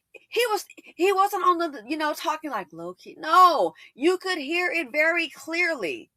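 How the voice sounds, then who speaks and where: A woman's voice: extremely high pitch, sing-song, a little slow, bright, forceful tone, no room sound. A woman host telling a storytime in casual, emphatic commentary, often repeating lines for effect.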